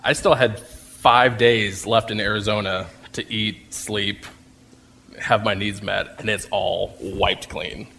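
A man's voice: fairly low pitch, steady tone, takes it slowly, gravelly, pushed and bright, a little hiss or hum. A man telling a personal faith story, acting out scenes and laughing at himself as he goes. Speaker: speaker sharing a faith testimony.

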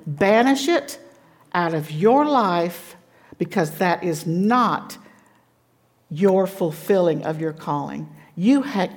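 A woman giving a personal testimony sermon as a guest speaker at a church conference, telling her story in an animated way and laughing often. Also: fairly low pitch.

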